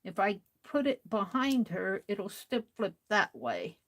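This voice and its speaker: A tired woman hosting a late-night crafting livestream, talking softly to herself as she works. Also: medium pitch, sing-song, takes it slowly. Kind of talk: casual talk while crafting live.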